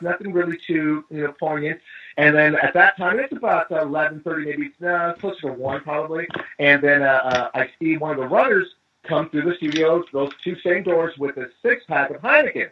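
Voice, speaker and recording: A man's voice: on the high side, normal speed, slight background noise. A man from East Los Angeles, a drummer guesting on an interview, telling a long anecdote and acting out the voices of the people in it, heard over a phone line. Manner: lively storyteller acting out quoted dialogue. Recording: tinny phone-line call.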